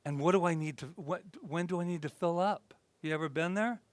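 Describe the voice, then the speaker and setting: A male minister preaching in a loose, conversational way to his congregation, with a voice a touch higher than most men's. He jokes at his own expense, then eases into quiet, thoughtful passages. The sound is close and dry, with no room ring. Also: brisk, no room sound. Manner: animated and chatty, then drops soft and reflective; self-deprecating humor. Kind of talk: conversational sermon. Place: spiritual center gathering.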